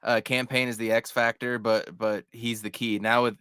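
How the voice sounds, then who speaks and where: A man who is a coach, guesting on a sports podcast and talking in an animated way, swearing and restarting his words. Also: mid-range voice, moderate pace, clean tone, no room sound, clean studio sound. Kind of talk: casual sports podcast chat.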